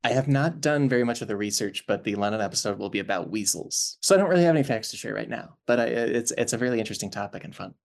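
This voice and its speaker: A man's voice: fairly low pitch, animated, quick pace, gravelly, few pauses. A man as a podcast guest, chatting in an easygoing, thoughtful way and laughing easily. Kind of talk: casual chat.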